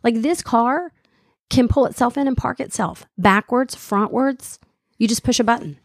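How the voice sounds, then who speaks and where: A woman's voice: fairly high pitch, moderate pace, no room sound, studio quality. A middle-aged woman with a Southern US accent, co-hosting a radio show in casual, chatty talk full of fillers and restarts. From American South. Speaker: radio co-host. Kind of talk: casual chat.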